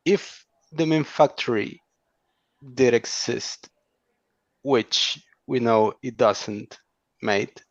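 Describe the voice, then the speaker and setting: A man's voice: mid-range voice, extremely slow, pauses often, dry recording, highs cut off. A man putting on a hammy Australian accent, playing a mock-formal host who keeps saying mate. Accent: put-on Australian. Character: jokey Australian bloke host, says mate constantly. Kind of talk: casual livestream banter.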